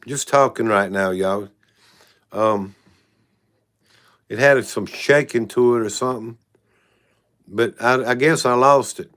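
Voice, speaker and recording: A man's voice: medium pitch, slow, long pauses, fairly bright tone. A man hosting a casual livestream. He rambles frankly and keeps saying "y'all". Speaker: channel host.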